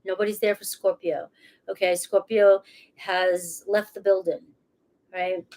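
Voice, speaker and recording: A woman reads tarot casually to camera, her mid-range voice a little mellow, measured in pace, and showing little pitch movement. Chatty and reassuring, she leans on "all right" and "okay," restarts phrases, and laughs at herself.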